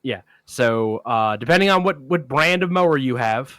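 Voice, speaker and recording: Bright-voiced man telling a story. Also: medium pitch, moderate pace, no echo. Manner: animated anecdote teller, acts out quoted voices. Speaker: podcast co-host. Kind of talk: casual storytelling chat.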